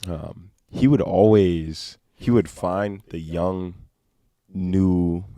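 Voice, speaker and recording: Very deep, dark-voiced man, podcast co-host, easygoing chat, close dry mic. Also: very slow, dry recording. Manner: relaxed, affirming, conversational. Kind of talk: casual chat.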